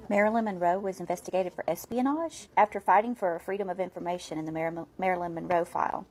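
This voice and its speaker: Low-voiced woman reading narration. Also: fast, darkish tone, poor audio. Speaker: narrator of a video. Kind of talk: scripted narration.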